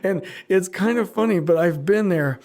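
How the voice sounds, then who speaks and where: A middle-aged man hosting a podcast alone, talking casually and teasing his listeners with quick asides. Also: sits high, a little mellow. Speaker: podcast host. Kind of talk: casual solo podcast monologue.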